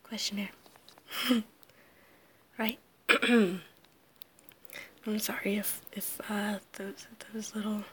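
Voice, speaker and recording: A woman with a sick, hoarse, half-whispered voice talks haltingly in a casual solo recording, apologizing often and laughing nervously as she answers a questionnaire. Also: mid-range voice, little pitch movement, fairly bright tone. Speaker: audio creator answering a questionnaire.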